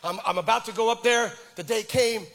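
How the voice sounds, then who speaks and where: A middle-aged male pastor tells self-deprecating stories in an animated sermon, often restarting his sentences. His voice sits very high and bright, with a gravelly, husky texture. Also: fairly quick. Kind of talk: sermon with personal storytelling.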